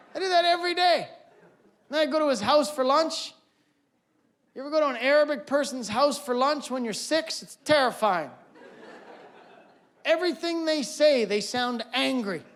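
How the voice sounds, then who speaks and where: A man performing stand-up comedy on a stage, animated and acting out scenes. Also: very high-pitched. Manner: animated, acts out voices and scenes. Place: auditorium stage before a live audience.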